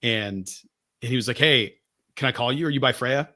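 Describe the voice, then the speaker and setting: A man co-hosting a podcast, telling a family story in a casual, animated way and acting out the quoted voices. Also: medium pitch, moderate pace. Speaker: podcast co-host.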